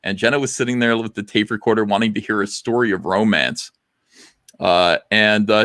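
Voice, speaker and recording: A man's voice: on the low side, steady tone, normal speed, fairly bright tone, no echo, clean studio sound. A man hosting a casual livestream talk show, rambling through crude, self-mocking stories. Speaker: podcast host.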